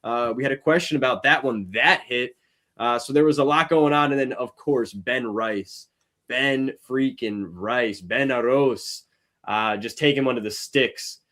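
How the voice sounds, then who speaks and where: A man's voice: medium pitch, a little slow, sharp tone. A man hosting a live sports betting show, chatting casually and greeting viewers in the chat. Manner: rambling, upbeat, greets chat viewers by name.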